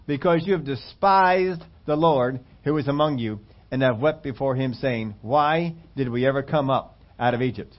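A man's voice: on the high side, normal speed. A man preaching a sermon, reading scripture and telling stories with emphatic repetition. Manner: animated storytelling, emphatic repetition. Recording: dull lo-fi recording.

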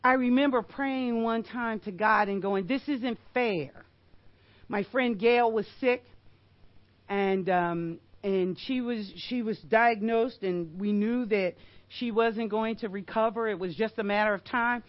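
A woman's voice: a little high, a little slow, no echo, highs cut off. An older woman giving a sermon, emphatic and storytelling, with rhetorical questions.

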